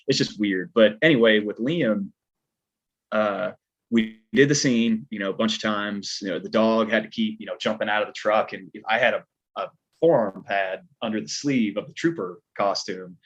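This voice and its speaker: A man with a low, husky voice and a Southern American twang tells a story in a loose, rambling way, leaning on filler words. The audio is dull and lo-fi, like a home podcast setup. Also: normal speed. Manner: laid-back, rambling, lots of filler words. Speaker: podcast guest, stuntman. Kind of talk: casual storytelling chat.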